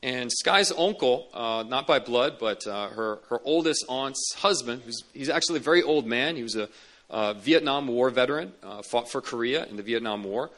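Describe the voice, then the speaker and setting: A man's voice: medium pitch, lively intonation, normal speed, a bit bright. Earnest man preaching a sermon. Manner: earnest storytelling with emphatic repetition. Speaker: pastor.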